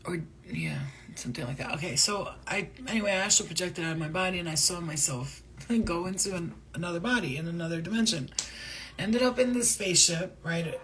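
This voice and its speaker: A woman giving a casual spiritual reading to her viewers, talking in a rambling, excitable and profane way. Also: on the low side, fairly quick, slight background noise. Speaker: spiritual reader.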